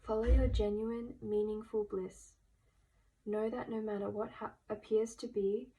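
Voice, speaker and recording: A woman giving a pick-a-card tarot reading, speaking gently and emotionally and at times dropping into a whisper. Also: medium pitch, little pitch movement, a little slow, rough recording. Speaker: tarot reader. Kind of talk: soft-spoken tarot reading.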